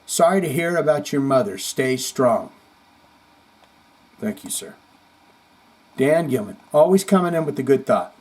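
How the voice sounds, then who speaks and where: A man's voice: mid-range voice, big pitch swings, a little slow, pauses often, darkish tone, husky, low-quality recording. A man hosting a casual podcast, reading viewer comments aloud with chatty, rambling asides. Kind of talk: casual chat.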